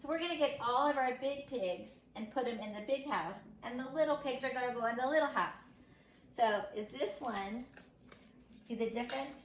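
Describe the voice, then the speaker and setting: A woman teaching a preschool lesson at home, talking slowly and sing-song to small children. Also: high voice, echoey room, slight background noise, poor audio. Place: home room.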